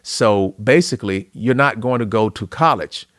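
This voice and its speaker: A middle-aged man from Louisiana, a podcast guest, telling an emotional personal story in an earnest, animated way. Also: fairly low pitch, moderate pace, no room sound, studio quality. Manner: earnest, tearful at moments, animated retelling.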